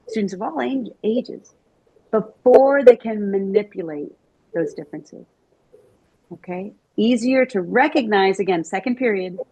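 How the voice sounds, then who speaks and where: A woman's voice: medium pitch, slightly rough, no room sound, poor audio. Chatty woman presenting to a room of educators. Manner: lively, chatty, asks the audience questions. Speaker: Montessori teacher trainer giving a talk. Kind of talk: conference talk to educators. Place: conference room with an audience.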